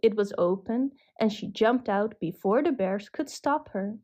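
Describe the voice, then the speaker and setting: A woman narrating a children's cartoon story in a gentle, measured way. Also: mid-range voice.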